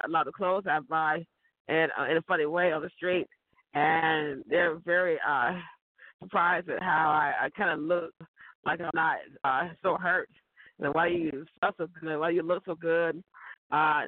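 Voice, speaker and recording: A hoarse woman with a cold, rambling casually and repeating herself with chuckles. The sound is thin and phone-like. It is dry, with no room echo. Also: deep voice. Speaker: vlogger. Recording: tinny phone-like dry recording.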